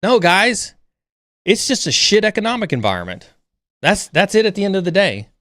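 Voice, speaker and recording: A man's voice: sits high, very animated, moderate pace, a bit bright, dry recording, clean studio sound. A man hosting a livestream chat, talking bluntly and with lots of energy, sometimes mocking others in an overreactive voice. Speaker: stream host.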